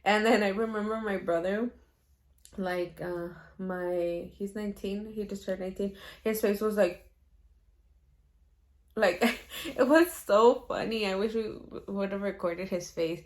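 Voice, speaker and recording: A woman's voice: mid-range voice, measured pace. A young woman vlogger telling a personal story in a casual, chatty way, laughing often and slipping in Spanish phrases.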